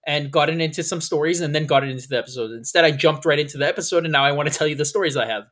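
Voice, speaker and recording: A man's voice: fairly high pitch, very fast, a bit bright. Male podcast host, casual and rambling, swears freely, laughs through his own stories.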